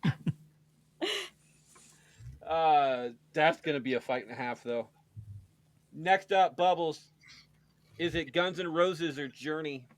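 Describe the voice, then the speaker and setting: A man's voice: a little high, slow, pauses often. A man hosting a casual podcast, joking and tripping over his words as he runs through the picks. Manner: joking, stumbles and repeats words. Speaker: podcast host running the bracket.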